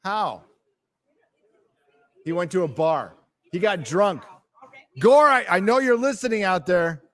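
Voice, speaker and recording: Man, livestream host, casual and profane, very animated pitch. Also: slow. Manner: loose and profane, laughs often, reads chat aloud. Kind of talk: casual livestream chat reading donations. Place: fandom bar.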